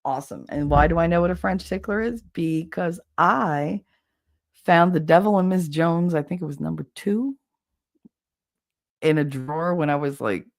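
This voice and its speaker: A woman's voice: deep voice, moderate pace. A woman in her forties hosting a livestream, telling crude stories candidly and laughing often. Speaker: livestream host. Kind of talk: casual chat with viewers.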